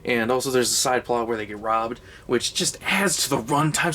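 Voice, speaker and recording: A man's voice: medium pitch, normal speed, pushed and bright. A young man giving a casual, comedic movie review, rambling and sarcastic, with frequent swearing.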